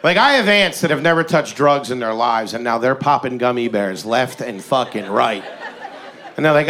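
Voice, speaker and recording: A man in his forties doing a stand-up set, with an animated, punchy delivery that bursts into shouts and acted-out quotes. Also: medium pitch, moderate pace, a little hiss or hum. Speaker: stand-up comedian.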